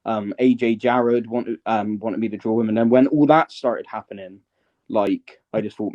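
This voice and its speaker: A man's voice: fairly low pitch, steady tone, normal speed, a little mellow, highs cut off. A man, a guest in a casual live-stream interview, telling his story in a rambling, hesitant way and often checking that the listener is following.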